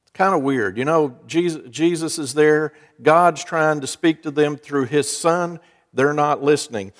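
A man's voice: on the high side, measured pace. A man, a pastor, giving a sermon in a chatty, storytelling way. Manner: conversational storytelling preacher. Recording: long church reverb.

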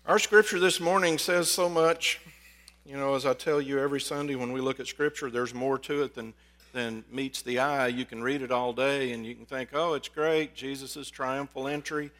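A pastor preaching a lively, conversational sermon to his congregation, calling them folks. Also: medium pitch, moderate pace. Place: church sanctuary.

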